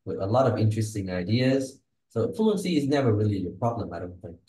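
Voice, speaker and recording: A man's voice: lowish voice, lively intonation, fast talker, warm tone, echoey room, poor audio. A man teaching English and giving exam feedback, with a patient, explanatory manner and frequent check-ins. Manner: patient, explanatory, tags sentences with "okay?" and "huh?".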